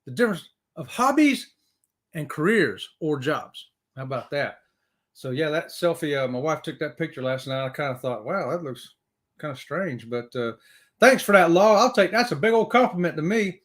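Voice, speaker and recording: High-voiced, whooping live-stream host. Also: male voice, lively intonation, normal speed. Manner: upbeat, whooping greetings. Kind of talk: casual live-stream chat, reading comments aloud.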